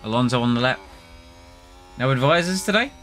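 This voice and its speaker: A man's voice: medium pitch, animated, fairly quick, a bit bright, a little hiss or hum. A man streaming a racing management game, chatting casually and reacting aloud to the game and his chat. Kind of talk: casual live-stream commentary.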